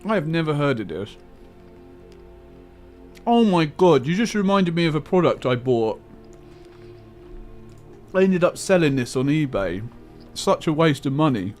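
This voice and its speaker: A man's voice: fairly high pitch, very animated, a little slow, pauses often, a little mellow, soft background music. A man hosting a livestream, chatting casually and bluntly, laughing easily and swearing now and then. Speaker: livestream host. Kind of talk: casual chat. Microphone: headset.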